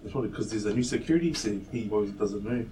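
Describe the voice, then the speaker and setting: A man, co-hosting a casual podcast chat and telling animated, swear-filled stories, acting out what people said. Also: on the low side, racing, background noise. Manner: animated storyteller, swears freely, acts out quotes. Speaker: podcast co-host. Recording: distant mic, faint room ambience.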